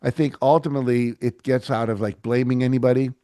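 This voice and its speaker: A man's voice: mid-range voice, fast talker, dry recording, clean studio sound. A middle-aged man as a podcast guest, telling stories animatedly and acting out what people said. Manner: animated storyteller, acts out quotes. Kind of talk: casual interview chat.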